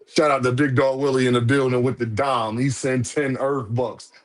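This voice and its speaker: A man hosting a casual live boxing stream, loose and profane, teasing viewers and shouting out donors. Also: mid-range voice, flat delivery, moderate pace. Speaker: livestream host.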